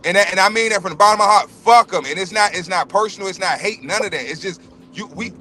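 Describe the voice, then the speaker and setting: A man delivers a heated, profane rant to the panel. His voice sits high and bright. He talks bluntly and repeats his points for emphasis. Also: quick pace. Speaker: livestream panelist. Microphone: remote livestream call.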